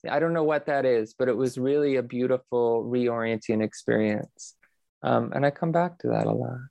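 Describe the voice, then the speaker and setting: A man's voice: medium pitch, moderate pace, vocal fry, a little mellow, no room sound. A man talking as a podcast guest about meditation, reflective and earnest, with frequent fillers and restarts. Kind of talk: relaxed interview conversation.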